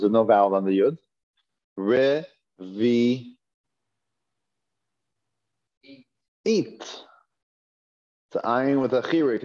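A man's voice: mid-range voice, warm tone. A man teaching a Hebrew reading class, patiently sounding out syllables for students to repeat and often restarting his phrases. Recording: dull lo-fi class recording.

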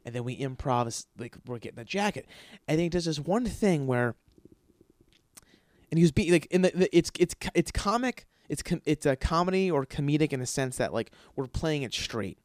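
A man's voice: fairly high pitch, lively intonation, moderate pace, dry recording, studio quality. A man hosting a podcast, telling a long story casually with lots of swearing and fillers, acting out the lines of the people in it. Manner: profane, rambling, filler-heavy; acts out quoted dialogue. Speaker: podcast host.

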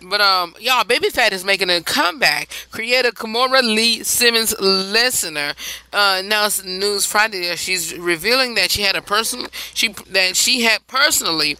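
A talk host with a very bright, crisp, smooth voice reads news stories in a loose, chatty way. The host keeps breaking off to talk straight to the listeners and sounds a bit tired throughout. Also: medium pitch, moderate pace, dry recording, poor audio. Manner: reads headlines with chatty asides to listeners, laughs, restarts. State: tired, yawning. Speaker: host of a news and gossip segment. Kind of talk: casual chatty news reading.

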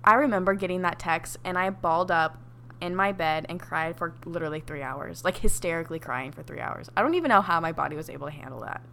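A woman's voice: fairly low pitch, fast, creaky, fairly bright tone, slight background noise. Frank young woman giving breakup advice. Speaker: podcast co-host. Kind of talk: casual chat.

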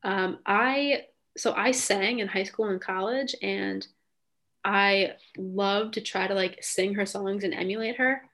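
A woman's voice: medium pitch, unhurried, a bit bright. A young adult woman hosting a podcast in casual chat, talking enthusiastically with frequent "um" and "like". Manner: enthusiastic, lots of "um" and "like". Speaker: podcast host.

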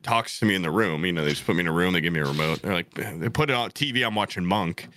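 A young man telling a story in casual chat, animated and jokey, swearing often. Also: low-pitched, quick pace, slight background noise.

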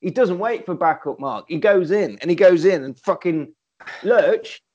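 Man with a high, animated voice. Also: normal speed, lo-fi sound. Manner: animated, acts out characters in quotes, laughs often, swears. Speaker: podcast co-host. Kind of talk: casual film recap chat.

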